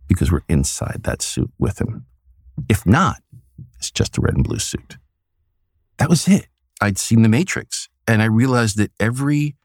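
A man talking as an interview guest, telling stories in an animated way and laughing often, on a close studio mic. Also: on the low side, dry recording. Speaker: guest, comics creator. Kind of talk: casual interview storytelling.

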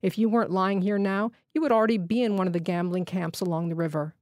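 A woman's voice: mid-range voice, fairly even intonation, fast talker, darkish tone, no room sound, clean studio sound, natural voice. A woman reading the part of a wounded male electrician who speaks hard and unforgiving. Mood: stern. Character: wounded male village electrician, stern and proud.

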